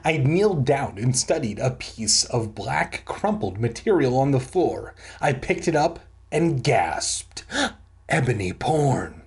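A man giving a comic reading of a children's horror book, breaking off for deadpan crude asides between dramatic narration. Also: medium pitch, measured pace. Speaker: comic reader.

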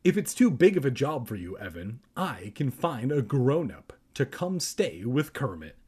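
A man voicing a stern, scolding middle-aged aunt in a comic storybook reading, with a husky voice. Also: mid-range voice, very animated, normal speed, a little mellow.

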